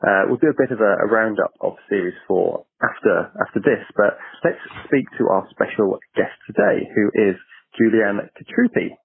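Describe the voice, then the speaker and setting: A man's voice: on the low side, animated, moderate pace, vocal fry, slight background noise. A man co-hosting a podcast in a casual, chatty way, correcting himself as he goes and laughing lightly. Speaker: podcast co-host. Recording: narrow phone-like audio.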